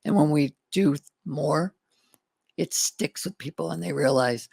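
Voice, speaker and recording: In a dry recording, a middle-aged guest entrepreneur recounts his life in a candid interview, earnest and folksy, reenacting past exchanges as quoted dialogue. His voice is a little high and a little mellow, with vocal fry, a breathy edge, and a measured pace.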